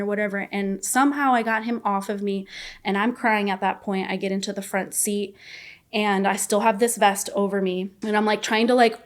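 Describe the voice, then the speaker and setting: Woman telling a raw personal story. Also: mid-range voice. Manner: casual, filler-heavy with constant "like"; raw and emotional, recounting an ordeal. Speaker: podcast guest. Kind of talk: personal story told in an interview.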